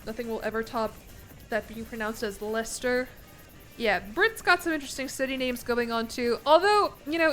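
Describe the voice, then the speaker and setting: A woman's voice: fairly high pitch, fairly bright tone. Chatty young woman streamer rambling. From United States. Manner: rambling, playful, laughs between lines. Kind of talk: casual game-stream chat.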